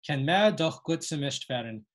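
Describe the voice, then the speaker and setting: A calm, learned old wizard headmaster, read aloud by a woman in slow, deliberate phrases. His speech is unhurried and even. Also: low-pitched. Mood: measured. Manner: slow deliberate reading of quoted Yiddish dialogue.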